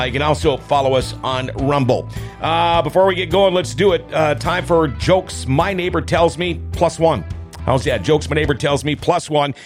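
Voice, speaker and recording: Casting: a chatty male talk host, slightly high voice, faint music underneath. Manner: chatty, opinionated, many filler words. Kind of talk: casual news commentary. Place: small radio studio.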